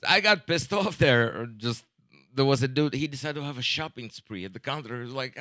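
A man in his forties doing a stand-up comedy set, rambling and deadpan, with halting restarts and profanity. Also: mid-range voice, no room sound. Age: 40s.

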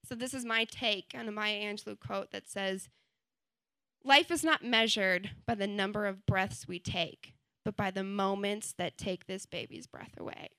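A young woman performing a stand-up comedy set on a club stage, chatty and wry, with deadpan punchlines and plenty of "like". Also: medium pitch, moderate pace, dry recording.

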